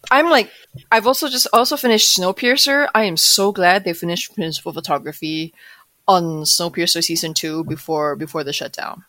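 A woman's voice: fairly low pitch, normal speed, bright, forceful tone, no room sound. A woman co-hosting a podcast in casual chat, talking in a chatty way with stammering restarts, recorded over a remote call. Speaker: podcast co-host.

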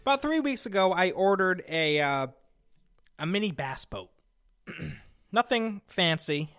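A young man hosts his radio program, spinning a rambling story full of fillers and growing exasperation. His voice sits high for a man. The studio sound is close and dry, with no room echo. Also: lively intonation, unhurried, a bit bright, clear, resonant tone. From Connecticut. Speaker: radio host. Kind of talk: casual storytelling monologue. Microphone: studio microphone.

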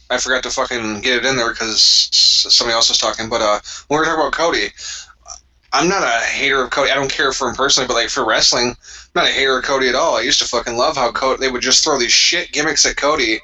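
A man's voice: mid-range voice, fast talker, sharp tone, low-quality recording. A man co-hosting a casual wrestling podcast, joking, laughing and swearing freely. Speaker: podcast co-host. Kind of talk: casual live-reaction chat.

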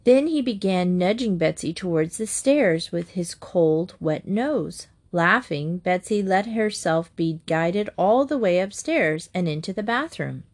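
A woman narrating a children's book aloud in a gentle, even storytelling manner. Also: lowish voice, a little slow, hardly any pauses.

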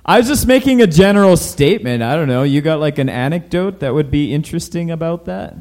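Male co-host, expressive pitch that swings up and down, loose and joking. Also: quick pace. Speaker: podcast co-host. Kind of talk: casual chat.

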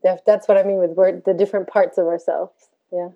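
A woman coach speaking in a calm, gentle, explanatory way during a reflective podcast conversation. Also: fairly low pitch, a little fast, muffled recording. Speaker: life coach.

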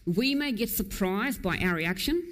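A woman preaching a sermon in a church, earnest and emphatic. She speaks at a mid pitch and moves between fast, pressing passages and slow, low, drawn-out lines. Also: lively intonation.

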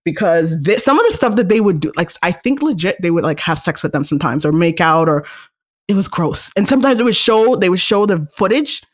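A young woman hosting a solo podcast, talking casually in a chatty, animated way. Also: lowish voice, fairly quick. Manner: chatty, animated, restarts and laughs. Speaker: podcast host.

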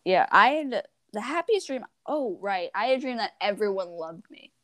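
A teenage girl chatting casually, telling animated stories, acting out voices and giggling often. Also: mid-range voice, normal speed, no echo. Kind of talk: casual chat.

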